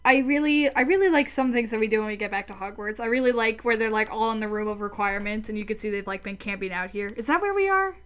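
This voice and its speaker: A woman's voice: on the high side, quick pace, few pauses, a bit bright, clean tone. A woman co-hosting a podcast, chatting casually and enthusiastically about a film, rambling with lots of fillers and casual swearing. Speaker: podcast co-host.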